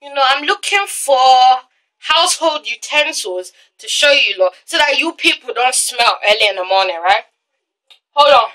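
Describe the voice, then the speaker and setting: A woman's voice: high voice, expressive, moderate pace, pushed and bright, low-quality recording. A teenage girl ranting into a phone held at arm's length, heated and exasperated, stumbling over restarts. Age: teens. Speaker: vlogger. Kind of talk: ranting vlog.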